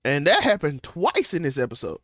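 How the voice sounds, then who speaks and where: A man's voice: on the high side, huge pitch swings, brisk, a bit bright, dry recording, studio quality. A young man, co-hosting a casual TV recap chat, talking loosely with slang and restarts. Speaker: co-host of a TV recap show.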